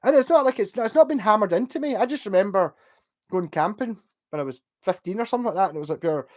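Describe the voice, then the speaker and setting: Late at night at home, a drunk, chatty male livestreamer rambles cheerfully after a few drinks, hopping between topics, reading viewers' messages aloud and laughing easily. His voice sits high, with lively intonation and a fast pace.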